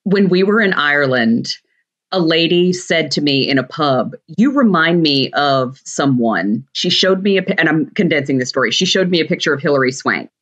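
A woman's voice: deep voice, lively intonation, normal speed, dull audio. A woman guest on an interview show, chatty and enthusiastic, telling stories with animation. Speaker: guest, shopping TV host. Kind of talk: casual interview chat.

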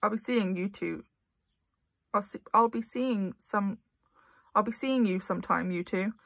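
A woman's voice: medium pitch, unhurried, vocal fry, fairly bright tone, no room sound. A woman voicing a bold, knowing older schoolgirl who confides gossip, in a storybook reading. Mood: breezy. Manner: confiding, often whispered.

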